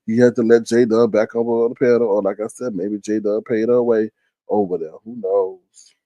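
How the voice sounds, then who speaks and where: A man's voice: fairly low pitch, fairly even intonation, normal speed, warm tone, no echo, lo-fi sound. Blunt, slangy man chatting on a live stream. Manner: chatty, talks straight to viewers by name, slangy and blunt. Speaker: live stream host reading chat. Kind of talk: casual commentary stream.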